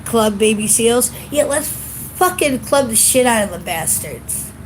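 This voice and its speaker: A woman's voice: a little high, lively intonation, unhurried, slight background noise, poor audio. A woman venting in a casual vlog, blunt and profane, sounding congested, recorded outdoors on a phone camera. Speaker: vlogger.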